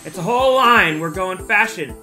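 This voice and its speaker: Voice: medium pitch, expressive, normal speed, pushed and bright, faint music behind. A YouTube host chatting casually and mockingly while commenting on courtroom clips, often laughing.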